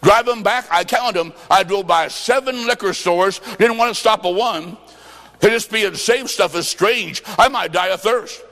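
A plainspoken, newly saved woman speaks in a frank, matter-of-fact way, voiced by a male preacher. The voice sits fairly high. It carries a long, echoing hall tail. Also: measured pace, a bit bright. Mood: blunt.

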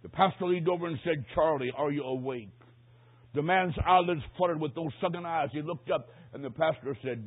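A man preaching a sermon, telling a story dramatically, dropping to hushed tones and rising to loud cries. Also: on the high side, brisk, husky. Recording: tinny phone-like sermon recording.

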